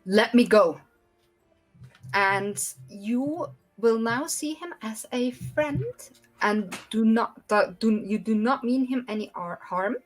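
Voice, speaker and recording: A woman running a tabletop game as dungeon master over a video call, talking in a deliberate way with frequent ums. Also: a little high, soft background music.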